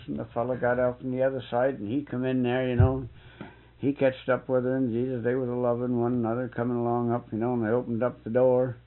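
A man in casual conversation, telling stories in a folksy rural dialect with cusses and lively retelling. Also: mid-range voice. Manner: folksy dialect, swears and laughs, animated retelling. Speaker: storyteller. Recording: muffled phone-like old tape.

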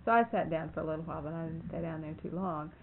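A woman's voice: low-pitched, steady tone, rapid-fire, vocal fry. A woman telling a folksy story in a casual way, often repeating "I said" and "she said.". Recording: tinny phone-like line, faint hiss.

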